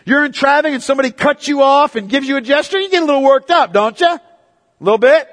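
High-voiced pastor guy preaching, drops low and quiet then gets loud and fired up, big echoey hall. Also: quick pace. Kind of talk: sermon. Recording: long hall reverb.

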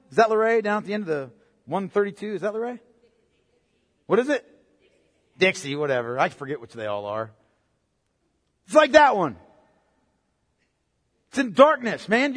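A man preaching a sermon as pastor, impassioned, swinging between loud outbursts and low, quiet emphasis. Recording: long hall reverb.

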